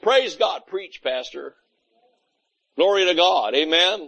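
A man's voice: high voice, lively intonation, slow pace, gravelly, fairly bright tone, rough recording. A man preaching a conversational sermon, often asking "Amen?" and acting out little scenes of everyday talk. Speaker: pastor.

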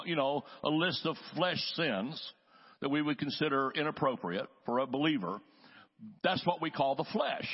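A late middle-aged man preaching a conversational sermon, folksy and quick with joking asides. His voice sits a little high and sounds husky. The recording is muffled and lo-fi, with a long reverb tail from a large church hall. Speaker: traveling healing evangelist, guest preacher.

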